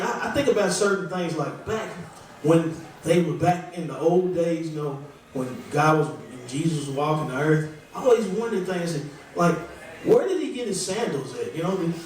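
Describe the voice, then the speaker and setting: At a small club, a high-pitched man does a rambling, chatty stand-up routine that pokes fun at himself. The sound is echoey and distant, with slight background noise.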